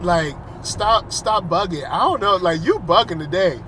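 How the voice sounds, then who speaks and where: A man hosting a casual chat in a car, animated and quick to defend his point. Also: high-pitched. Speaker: podcast host. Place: inside a car. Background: faint car and road noise.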